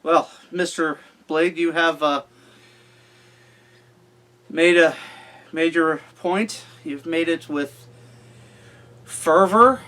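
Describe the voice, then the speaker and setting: Hesitant stammering interview host. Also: male voice, fairly high pitch, extremely slow, long pauses, bright, forceful tone. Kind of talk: in-character interview.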